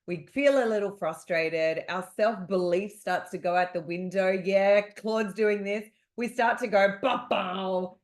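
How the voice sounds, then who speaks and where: A woman with an Australian accent, a sales coach teaching on a video-call webinar in an emphatic, motivational way. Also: medium pitch. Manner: energetic, motivational, emphatic repetition. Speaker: real estate sales coach.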